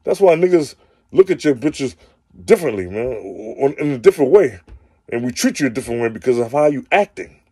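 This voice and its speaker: A man's voice: medium pitch, animated, a little fast, warm tone, husky, no echo, clean studio sound. A man hosting his own show, delivering a crude, repetitive comedic rant and ending lines with "man". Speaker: show host. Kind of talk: profane comedic rant monologue.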